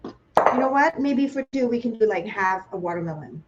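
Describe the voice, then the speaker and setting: A woman's voice: fairly high pitch, lively intonation, normal speed, dull audio, heavy background noise. A woman from Thailand with a Thai accent, hosting a live online cooking class, chatty and playful, asking viewers questions as she works.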